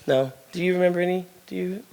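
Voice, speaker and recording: A woman's voice: fairly low pitch, fast talker, warm tone, long reverb tail. A woman author answering audience questions at her book launch. She talks frankly and chattily, often laughing, and fills her stories with ums and likes. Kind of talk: candid Q&A at a live book event. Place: event room at a book launch.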